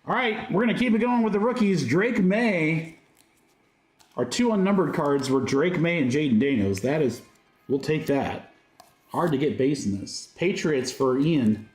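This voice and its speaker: A man's voice: on the high side, expressive, a little slow, soft background music. A man hosting a livestream card break, calling out each card with upbeat, joking patter. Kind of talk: live card-break commentary. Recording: roomy echo.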